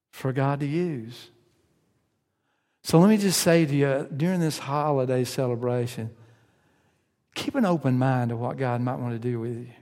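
A man's voice: mid-range voice, a little mellow, long reverb tail. A man preaching a sermon in a conversational way, asking his listeners questions and acting out their inner voices.

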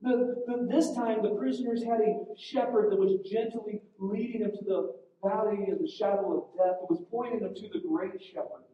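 A man's voice: sits high, moderate pace, distant mic, lo-fi sound. Man preaching in an echoey hall. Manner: earnest storytelling with frequent restarts. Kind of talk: sermon storytelling.

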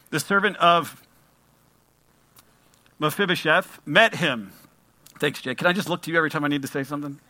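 A man preaching a sermon with a very bright, ringing voice that sits a little high. He moves between easygoing talk to the congregation and emphatic scripture reading. The sound is dry and close, with no room echo. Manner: conversational preaching, reads scripture aloud with emphasis. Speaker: pastor.

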